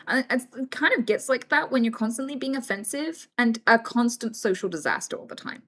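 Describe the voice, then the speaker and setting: A woman's voice: a little high, brisk, few pauses, a bit bright. A young British woman chatting casually on a livestream, frank and swearing freely as she tells stories.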